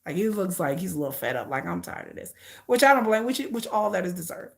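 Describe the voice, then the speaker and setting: A woman's voice: lowish voice, animated, fast, vocal fry. A woman hosting a casual live stream, talking in an emphatic, repetitive way and calling her viewers y'all. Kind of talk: casual livestream commentary.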